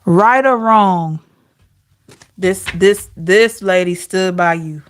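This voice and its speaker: A woman's voice: lowish voice, takes it slowly. A woman giving an intuitive tarot reading, emotional and talking straight to her viewers. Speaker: tarot reader.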